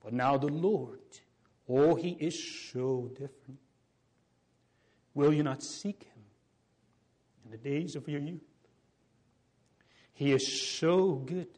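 A man preaching a sermon in a solemn, pleading way, with long pauses and repeated phrases. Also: medium pitch, dark tone.

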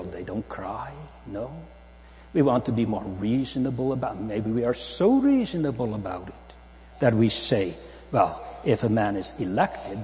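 A man's voice: mid-range voice, dark tone. A man preaching a fervent sermon to a congregation, repeating phrases and asking rhetorical questions. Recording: long hall reverb with mains hum.

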